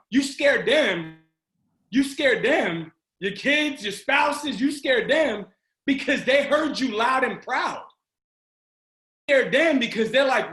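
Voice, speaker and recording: A man giving an energetic motivational pep talk to a sales team over a video call, often shouting and urging listeners on. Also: very high-pitched, a little slow. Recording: roomy video call audio.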